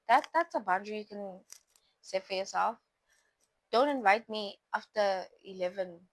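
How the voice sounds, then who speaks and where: A woman's voice: medium pitch, normal speed, no room sound, rough recording. Chatty young woman vlogger. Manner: chatty, playful, talks to viewers directly, switches languages. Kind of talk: casual talk to camera about boundaries.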